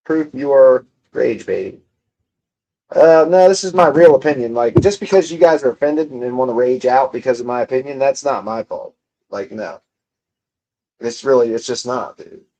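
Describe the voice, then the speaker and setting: A man's voice: mid-range voice, normal speed, mellow. A young man livestreaming from his home, casually reading chat and bantering with viewers in a profane, mocking way. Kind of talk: casual live-stream chat reading comments. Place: home room.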